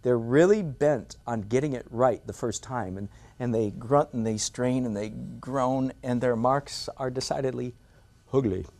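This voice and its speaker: A man's voice: medium pitch, a little slow, few pauses, a little mellow. An older man gives a drawing lesson in an indoor studio. He talks in a playful, self-mocking way, with frequent rhetorical asides to the viewer. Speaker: art instructor.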